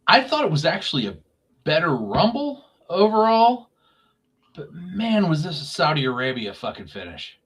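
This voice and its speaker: A man's voice: fairly high pitch, wildly swooping pitch, moderate pace, fairly bright tone, slightly rough. A man co-hosting a podcast, ranting in a casual, profane way and mocking others in put-on voices. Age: young adult or middle-aged. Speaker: podcast co-host. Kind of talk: casual chat. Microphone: remote podcast mic.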